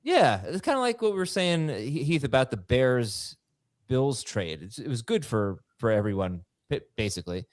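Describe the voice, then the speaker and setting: A man hosting a fantasy football talk show, energetic and excitable as he rattles off news headlines. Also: mid-range voice, moderate pace, no room sound. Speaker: host. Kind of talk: studio sports talk show.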